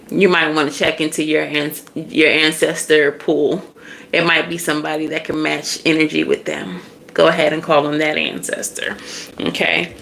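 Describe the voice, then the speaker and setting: A woman doing a casual tarot reading, animated and slangy, laughing often as she talks. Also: low-pitched, vocal fry. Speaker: tarot reader.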